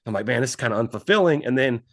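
Fast-talking man telling stories in dry sound. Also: mid-range voice, dry recording. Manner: energetic, acts out his own past dialogue in quotes. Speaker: guest, entrepreneur and former stockbroker. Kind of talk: casual interview storytelling. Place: Fort Worth, Texas.

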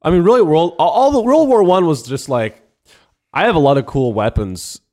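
Lively, teasing man, dry joker. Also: a little high, moderate pace. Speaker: podcast co-host. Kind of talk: casual chat.

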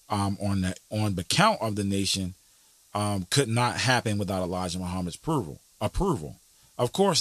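A man hosting a podcast, talking through history in an earnest, casual way with many fillers, turning animated when he makes a point. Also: on the low side, no room sound. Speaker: podcast host.

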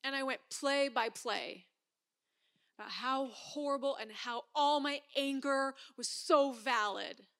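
High, bright-voiced woman telling a story. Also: takes it slowly. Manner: animated, acts out her own inner voice. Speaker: speaker telling a personal story. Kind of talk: personal storytelling talk.

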